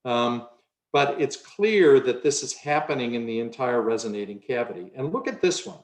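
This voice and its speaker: A man's voice: mid-range voice, expressive, normal speed, reverberant. A man giving a conference lecture on the voice, now and then changing his own voice to show a point.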